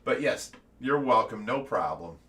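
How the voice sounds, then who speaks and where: A man hosts a fish rescue livestream in a casual, earnest way, laughing as he talks. His voice is bright and clear. He sits a little back from the microphone. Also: mid-range voice, expressive, a little slow, recorded from a distance.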